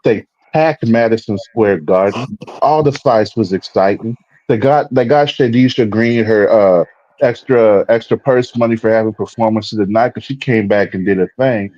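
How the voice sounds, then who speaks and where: Male boxing co-host, middle pitch, relaxed slangy talk, dry and a bit dull on lo-fi audio. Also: normal speed, dry recording. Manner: relaxed, slangy fight recap. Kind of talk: casual panel chat.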